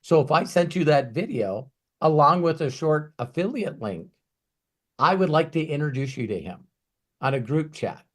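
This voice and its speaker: A man coaching in a Q&A talk, emphatic and ranting, swinging from quiet asides to loud bursts. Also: fairly high pitch, animated, normal speed. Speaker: business coach.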